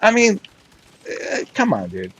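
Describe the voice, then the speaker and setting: A man's voice: high voice, huge pitch swings, unhurried, a bit bright, low-quality recording. A man ranting crudely and mocking someone in casual chat, laughing often as he goes. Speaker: gaming streamer.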